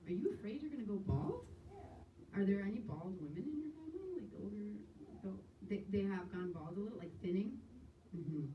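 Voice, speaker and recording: A woman's voice: mid-range voice, very animated, fairly quick, lo-fi sound. Self-deprecating woman with a Long Island accent. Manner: self-deprecating, rambling, giggly. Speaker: comedy host. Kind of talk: stand-up crowd work. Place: small comedy club stage. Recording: echoey club heard from a distance. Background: audience laughter and room noise.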